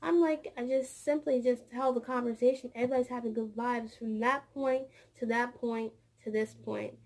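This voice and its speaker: A woman's voice: on the high side, fairly even intonation, normal speed, a little mellow. A woman vlogger and childcare teacher telling a rambling story about her workday, repeating words and acting out what people said. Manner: rambling, repeats words, acts out quoted dialogue. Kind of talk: casual storytelling vlog.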